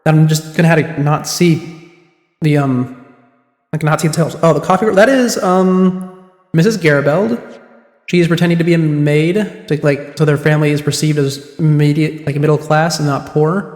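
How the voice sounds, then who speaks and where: A man's voice: a little high, normal speed, a little mellow. A man streaming a game, chatting in a rambling, self-deprecating way as he comments on the story. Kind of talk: casual livestream gameplay commentary. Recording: echoey room with long reverb.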